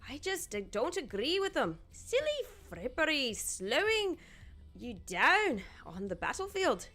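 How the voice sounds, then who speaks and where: A woman's voice: sits high, wildly swooping pitch, a little slow, bright, forceful tone, voice pushed up, full character voice. A woman voicing a boastful old Scottish lord in a put-on Scottish accent, reading game lines aloud. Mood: teasing. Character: elderly Scottish lord Dingwall, cheeky and boastful.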